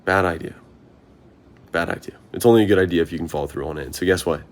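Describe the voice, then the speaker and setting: Talking quickly in a low voice, this young man records a vlog about being a marathon runner. He wanders earnestly from thought to thought and keeps asking himself questions.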